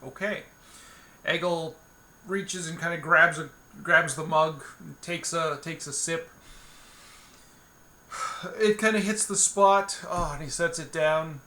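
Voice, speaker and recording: Rambling, gravelly man narrating a solo game. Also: on the high side, fairly even intonation, measured pace, pushed and bright. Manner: meandering, many fillers and restarts.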